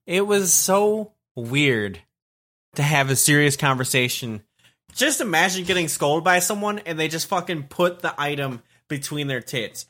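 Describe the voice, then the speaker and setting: A man's voice: fairly high pitch, animated, measured pace, bright, forceful tone. A young man chatting on a podcast, riffing on jokes and laughing a lot. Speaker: podcast co-host. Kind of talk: casual chat.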